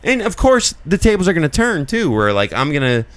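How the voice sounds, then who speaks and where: A man's voice: on the high side, very animated, fairly quick, smooth, dry recording. A man co-hosting a podcast in casual chat, talking in long earnest rambles full of filler likes. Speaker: podcast co-host.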